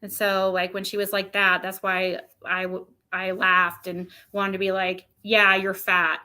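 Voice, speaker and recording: A woman's voice: medium pitch, completely flat delivery, unhurried, pushed and bright, clear, resonant tone. A woman streamer chatting casually to her viewers, rambling, with many restarts. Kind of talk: casual chat.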